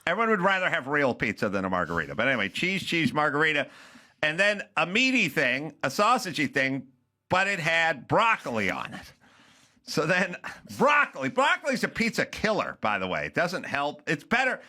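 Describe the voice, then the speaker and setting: This is a man in his sixties hosting a talk podcast, spinning a petty grievance into a full comic rant. His pitch swings widely and his tone is bright and pushy, full of exasperated mock outrage. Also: very animated, moderate pace. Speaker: podcast host. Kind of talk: comedic ranting chat.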